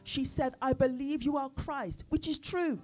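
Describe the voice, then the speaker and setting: Female preacher, sermon, fairly high-pitched, engages the congregation with questions; soft instrument music underneath. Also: measured pace. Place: church service.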